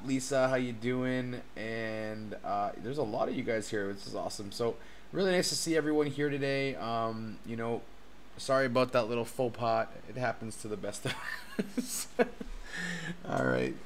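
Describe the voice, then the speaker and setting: A man hosting a casual livestream as a cryptocurrency educator, excitable and chatty, laughing often and swearing casually. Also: medium pitch, moderate pace, gravelly, slight background noise. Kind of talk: casual live-stream chat. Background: faint background music.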